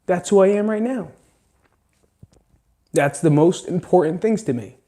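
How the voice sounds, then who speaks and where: A man's voice: high voice, unhurried, dark tone. A man hosting a solo podcast, talking earnestly and emphatically, swearing often and close to tears. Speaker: podcast host. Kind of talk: emotional solo podcast monologue.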